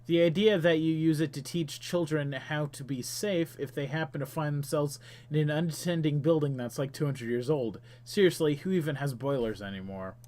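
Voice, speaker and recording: A man's voice: fairly high pitch, normal speed, darkish tone. A man hosting a game stream, chatting casually and reading the game's text aloud while muttering to himself as he plays.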